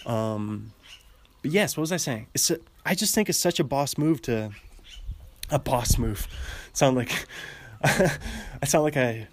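A man's voice: mid-range voice, expressive, a little slow, pauses often. A young man talking casually on a podcast, rambling and chatty, laughing often and restarting his sentences.

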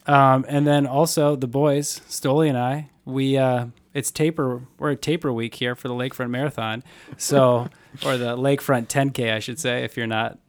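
A man's voice: medium pitch, fairly even intonation, moderate pace. Young male podcast host, chatty and playful, plain everyday voice. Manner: upbeat, joking, reads ad with acted anecdotes. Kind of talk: casual podcast chat.

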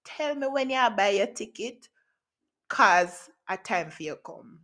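A woman doing a calm Jamaican mother. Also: on the high side, unhurried. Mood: reassuring.

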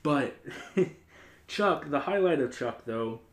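A man's voice: on the high side, slow pace, reverberant. A man hosting a podcast, telling a story in casual chat, rambling with lots of "like" fillers. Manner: rambling, many "like" fillers, animated retelling. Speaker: podcast host.

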